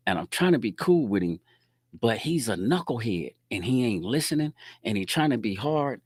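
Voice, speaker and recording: A middle-aged man hosting a show, telling a street story in a casual, slangy rant that swings from low muttering to loud laughing outbursts. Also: very animated, normal speed, dry recording, studio quality. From Quad Cities, US Midwest.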